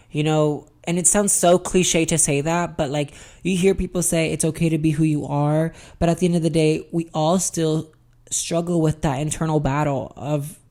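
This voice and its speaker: A young adult woman hosting her own podcast in a candid, expressive confessional chat, swearing freely and calling listeners honey. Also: low-pitched. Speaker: podcast host.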